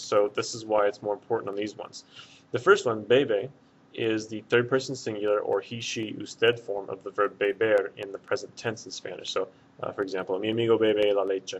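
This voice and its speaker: Low-voiced man teaching a casual lesson. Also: brisk, husky. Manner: relaxed, with many filler words. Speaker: Spanish teacher. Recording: dull lo-fi sound.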